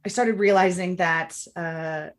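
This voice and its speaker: A woman's voice: on the low side, steady tone, a little slow. A woman in her thirties, a podcast interview guest, telling her story in a chatty way and acting out quoted talk with lots of "like". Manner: chatty, acts out quoted dialogue in changed voices, many "like" fillers.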